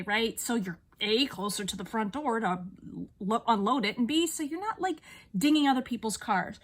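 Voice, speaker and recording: Riled up young woman venting on her vlog, kinda high voice, swears a lot. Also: brisk. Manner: agitated, swearing, animated retelling. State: still riled up. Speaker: vlogger. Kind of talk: emotional vlog storytelling.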